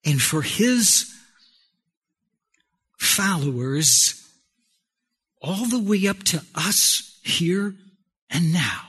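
A man preaching a sermon, swinging from raised exclamations to soft near-whispers. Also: high voice, lively intonation, extremely slow, long pauses, slightly rough. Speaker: pastor.

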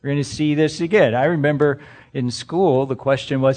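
A man preaching a sermon, emphatic and full of rhetorical questions, swinging between loud and hushed. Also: fairly high pitch, moderate pace. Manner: speaks to the congregation directly. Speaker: pastor.

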